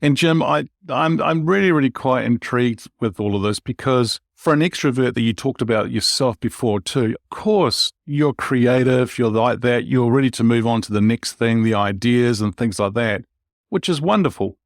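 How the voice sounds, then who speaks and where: A man's voice: medium pitch, moderate pace, creaky, no echo. Dry-sounding enthusiastic podcast host man. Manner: enthusiastic, rambling, addresses listeners directly. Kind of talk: casual interview chat.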